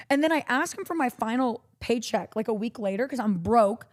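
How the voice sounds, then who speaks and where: A woman's voice: fairly high pitch, brisk, few pauses. Profane woman telling a story. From Texas. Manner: breathless, profane, animated storytelling. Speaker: streamer. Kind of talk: story time chat.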